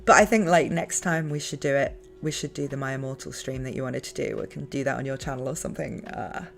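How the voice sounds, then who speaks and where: English woman host, gravelly fry in her voice, easygoing stream chatter with frequent laughs. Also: very deep voice, quick pace. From England. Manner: laughs often, reads chat aloud. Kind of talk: casual stream chat.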